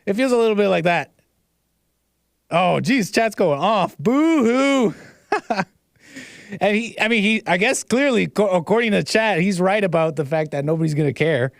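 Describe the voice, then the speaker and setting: Rambling livestream host, dry close mic. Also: male voice, high voice, fast, gravelly, hardly any pauses, no room sound. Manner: rambling, repeats himself, mocking asides. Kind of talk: reacting to videos on a livestream.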